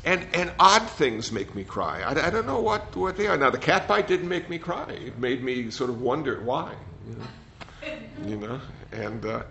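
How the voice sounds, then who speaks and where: An older man, a meditation teacher, giving a gentle, rambling dharma talk that often repeats words. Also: medium pitch, sing-song, normal speed, gravelly, few pauses. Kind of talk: dharma talk with audience questions. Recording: slightly dull sound, faint noise.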